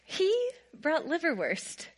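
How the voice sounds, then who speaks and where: Lady vlogger from minnesota, super animated voice, keeps laughing. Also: high voice, takes it slowly. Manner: laughs often while telling stories, animated. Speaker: storyteller vlogger. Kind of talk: casual storytelling to camera.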